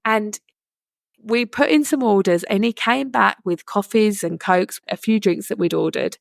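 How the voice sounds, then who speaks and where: Gravelly-voiced woman podcast host, chatty. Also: medium pitch, lively intonation, normal speed, no echo, studio quality. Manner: chatty, earnest, many "you know" asides. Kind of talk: casual storytelling monologue.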